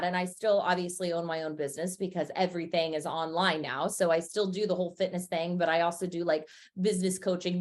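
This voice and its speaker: A woman fitness and business coach talking casually as a podcast guest, chatty and emphatic with many filler words. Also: on the low side.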